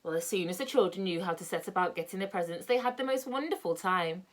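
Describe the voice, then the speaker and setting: A woman reading a children's book aloud in a lively, expressive way. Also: lowish voice, quick pace. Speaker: storyteller.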